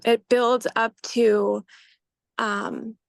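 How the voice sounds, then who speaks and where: A woman coaching client shares her reflections in a group, pausing often to find her words. Her voice is somewhat high and gravelly, and she talks slowly. The sound is dry and close. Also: little pitch movement, dry recording. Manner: hesitant, halting, many fillers.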